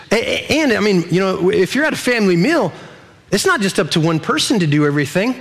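A man preaching a sermon at a church service, animated and jokey. His voice sits high and swings widely in pitch. He acts out little voices as he talks. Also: fast talker. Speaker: pastor. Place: church service with a live audience.

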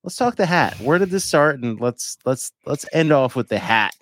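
A man's voice: mid-range voice, animated, moderate pace, a bit bright. A man hosting a podcast, who asks rambling questions and keeps correcting himself in a casual chat. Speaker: podcast host.

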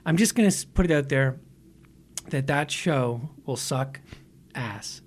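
A man's voice: mid-range voice, animated, unhurried, a little hiss or hum. A man co-hosting a movie podcast in casual, joking chat, laughing often. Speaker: podcast co-host.

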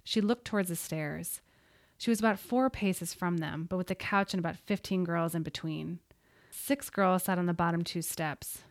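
A woman reading a story aloud in a steady, suspenseful voice. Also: on the low side, normal speed, no room sound, studio quality. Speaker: audiobook narrator. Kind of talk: scripted narration.

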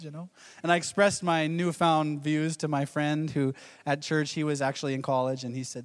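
Pastor preaching in a reverberant hall. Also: male voice, a little high, little pitch movement, normal speed. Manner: storytelling with quoted voices and chuckles. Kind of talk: sermon.

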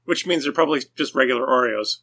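A man's voice: mid-range voice, quick pace, bright, forceful tone. A middle-aged man co-hosting a casual podcast, reading instructions and joking along playfully. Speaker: podcast co-host. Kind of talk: casual chat.

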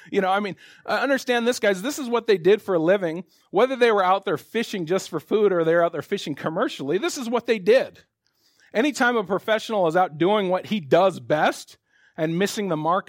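High-voiced man preaching a sermon. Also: no echo, studio quality. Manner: conversational preaching, rising to emphatic exhortation. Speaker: pastor.

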